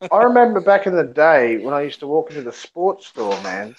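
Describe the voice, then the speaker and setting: A man's voice: on the high side, very animated, brisk, gravelly, lo-fi sound. A man with an Australian accent chatting casually, blunt and heavy on swearing. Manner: profane and blunt. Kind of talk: casual chat.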